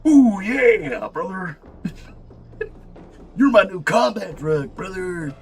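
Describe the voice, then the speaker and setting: A hulking space warrior, put on by a man, with a raised, louder pitch, drawing out each gloating taunt. He is gleefully menacing and relishes every word. Faint music hums behind him. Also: animated, extremely slow, creaky, heavily acted. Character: brutish giant male space marine, gleefully menacing.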